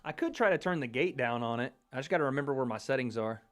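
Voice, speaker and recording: A man's voice: mid-range voice, lively intonation, fast. A man hosting a casual livestream watch party, joking and swearing as he chats into a dynamic mic. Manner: joking, profane, chatty. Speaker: livestream host. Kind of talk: casual live commentary.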